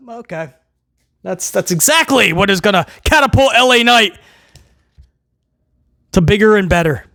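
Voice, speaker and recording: A man rants through a review with blunt sarcasm and open exasperation, and now and then he bursts out loudly to mock what he watched. His voice sits high and swings widely in pitch. The tone is bright and edged, and the sound is dry and close. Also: no echo. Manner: mocks with loud comic outbursts. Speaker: wrestling show reviewer. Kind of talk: ranting solo review.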